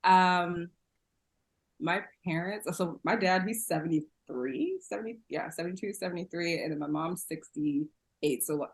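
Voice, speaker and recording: A woman with a low, husky voice talks through an easygoing interview, laughing often and filling pauses with "um" and "like." She sounds relaxed and open, as if chatting with a friend. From San Diego, USA. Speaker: podcast guest. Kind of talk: casual interview conversation.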